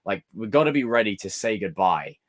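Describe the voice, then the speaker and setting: A man's voice: lowish voice, fairly quick. Theatrical man hosting a livestream. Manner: theatrical, animated rants. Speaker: livestream host. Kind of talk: casual live chat with viewers.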